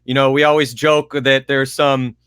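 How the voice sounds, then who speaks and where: Bright-voiced young man hosting. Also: mid-range voice, level tone, moderate pace, clear, resonant tone, no echo, studio quality. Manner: chatty, joking, rambling questions. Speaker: host. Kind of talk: casual interview.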